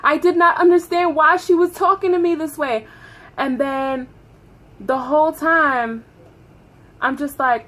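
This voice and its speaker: Thirties woman vlogging a story, kinda high voice, swears a lot, very animated. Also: a little slow, pauses often. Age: 30s. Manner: animated, profane, laughing. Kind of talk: storytime vlog.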